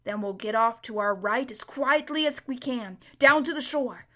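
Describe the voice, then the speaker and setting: A woman voicing a proud, anxious male talking warhorse in a storybook reading, gruff and fretful, dropping into urgent hushes. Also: a little high, normal speed.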